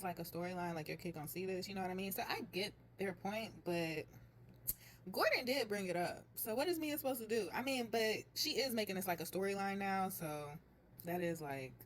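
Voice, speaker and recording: A young woman chatting casually as she recaps a reality show, telling it in a lively way and slipping into other people's voices. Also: medium pitch, a little fast, slight background noise. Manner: chatty, animated retelling with quoted voices.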